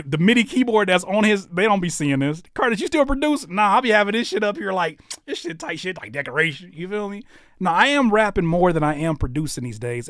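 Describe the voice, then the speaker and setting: Male streamer, slightly high voice with a very lively swing, casual profane banter with chat. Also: no echo, studio quality. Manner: animated joking banter, slangy and profane; reads out chat comments and teases viewers. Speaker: rapper and streamer reacting to viewer music.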